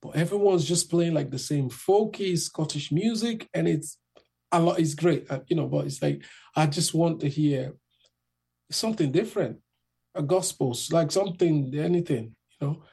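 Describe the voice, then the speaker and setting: Guy doing a pushy old gent in his sixties, kinda husky, higher than his own voice, won't take no. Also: normal speed, mellow. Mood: earnest. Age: 60s. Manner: pushy, earnest and persuasive. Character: insistent older gentleman in his sixties, encouraging.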